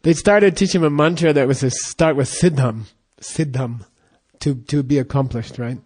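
Halting, chatty male monk storyteller. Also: mid-range voice, darkish tone. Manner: rambling, halting, with fillers and laughs. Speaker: Buddhist monk teacher. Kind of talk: casual storytelling teaching.

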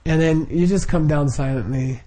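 A man's voice: fairly high pitch, normal speed, dark tone. A middle-aged man leading a Buddhist group, explaining the practice informally with frequent chuckles, fillers and restarts.

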